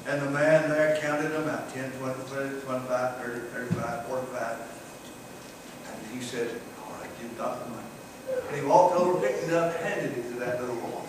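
A man preaching a revival sermon as a guest preacher, building fervently on key phrases and easing into a quiet storytelling voice for illustrations. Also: mid-range voice, moderate pace. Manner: drops to a soft storytelling voice for an illustration. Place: church sanctuary. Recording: very echoey, distant, noisy room recording.

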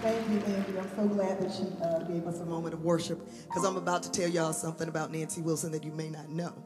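Animated woman telling a tribute story. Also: fairly low pitch, fast talker, loud music behind the voice. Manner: animated storyteller acting out voices. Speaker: daughter giving a tribute. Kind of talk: storytelling tribute at a memorial service. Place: church sanctuary.

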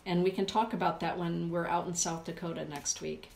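Lower-voiced woman in a roomy echo. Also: steady tone, fairly quick, gravelly, darkish tone, slight background noise. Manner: reflective, addresses viewers by name. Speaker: host reading oracle cards for live chat viewers. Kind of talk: live-stream spiritual chat. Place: indoor room with a forest view.

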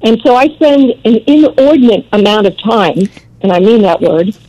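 A woman's voice: on the high side, moderate pace, dark tone, dull audio. An older woman, a radio advice host, telling a story in a blunt, no-nonsense interview manner.

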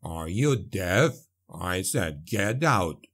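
A man's voice: sits low, animated, drawn-out words, fairly bright tone, breathy edge, voice pushed down, exaggerated voice. A man growling as a huge one-eyed dwarf warrior. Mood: gruff. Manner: growling, snarling, contemptuous.

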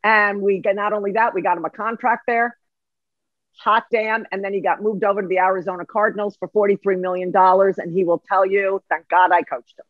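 A middle-aged woman, an executive life coach, explaining ideas in an emphatic, lively way on a podcast. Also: medium pitch, fairly quick, no echo, narrow, tinny audio. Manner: emphatic, lively, acts out voices. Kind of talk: animated teaching in conversation.

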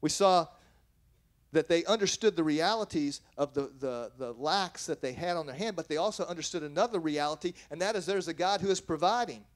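Speaking briskly in a fairly high voice, a pastor delivers an earnest, plain sermon, reading a passage and then explaining it. He frequently stops, restarts, and corrects himself mid-sentence.

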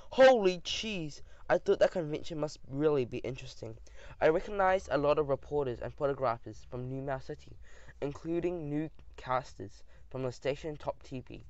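A man reading a first-person audiobook aloud in a lively, expressive way. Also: fairly high pitch, no echo, highs cut off. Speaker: audiobook narrator.

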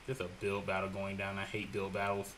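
A man giving jokey, excitable commentary while playing a video game, swinging from low mutters to loud shouts. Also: fairly quick, a little hiss or hum. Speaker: gaming channel host. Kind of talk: Let's Play commentary.

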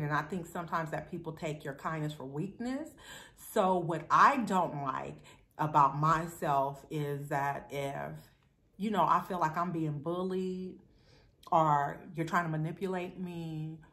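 A woman's voice: deep voice, steady tone, unhurried, fairly bright tone. A woman, chatting bluntly and straightforwardly to her viewers while eating, a mukbang vlogger. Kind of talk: casual chat while eating.

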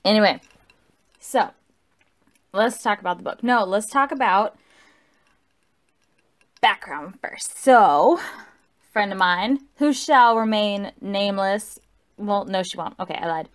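A woman's voice: mid-range voice, lively intonation, slow pace, long pauses. A tipsy woman rambling through a casual, profane book review and correcting herself as she goes.

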